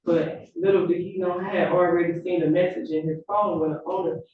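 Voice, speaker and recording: A woman gives courtroom testimony, halting and repeating her words as she goes. The sound is roomy and distant, picked up from across the courtroom on a dull, lo-fi system. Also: lowish voice, steady tone, a little hiss or hum. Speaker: witness. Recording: echoey distant courtroom audio, lo-fi.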